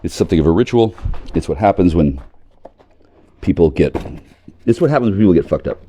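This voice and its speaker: A man's voice: sits low, lively intonation, fairly quick, mellow. A man hosting a solo talk stream, rambling in a crude, sardonic way. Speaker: host.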